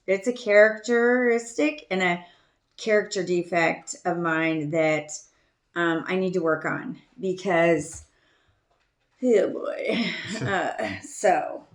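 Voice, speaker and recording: A woman's voice: fairly low pitch, roomy sound. A woman hosting a podcast, telling a casual story in a chatty, self-deprecating way, laughing often and trailing off with ums. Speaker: podcast host.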